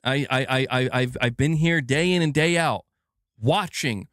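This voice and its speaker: A man's voice: mid-range voice, measured pace, a bit bright, no room sound, clean studio sound. A man in his thirties hosting a gaming channel, ranting casually with frustration, swearing and stumbling over restarts. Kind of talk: casual livestream rant.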